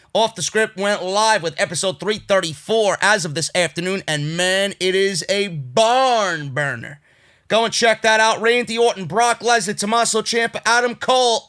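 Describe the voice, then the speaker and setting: Fired-up male show reviewer, New York accent, high bright voice, profane rants that boil over into shouting. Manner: furious profane ranting, swinging between shouting and weary grumbling. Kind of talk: angry ranting show review.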